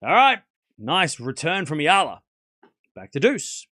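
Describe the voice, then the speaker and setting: Bright, lively man calling tennis live. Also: on the high side, unhurried. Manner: chatty play-by-play, reads out donations; laughs often, excitable. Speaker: tennis stream host. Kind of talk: live watchalong commentary.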